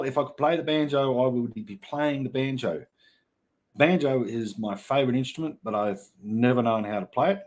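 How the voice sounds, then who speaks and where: A man's voice: mid-range voice, normal speed, a little mellow. An Australian man with an Australian accent hosting a livestream, chatting casually in rambling, joking banter. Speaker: livestream host.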